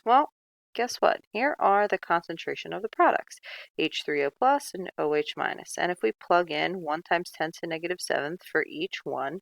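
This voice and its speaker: A woman teacher talks through a chemistry lesson in a loose, chatty way, dropping ums and asking okay as she goes. Her voice has a gravelly edge, and the recording is dry and close. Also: fairly low pitch, no echo. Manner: chatty, frequent ums and okays. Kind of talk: recorded classroom lecture.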